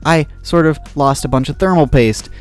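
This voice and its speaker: A man's voice: a little high, normal speed, soft background music. A young man telling a story in a vlog, rambling, interrupting himself and swearing constantly, recorded in a basement. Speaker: YouTuber.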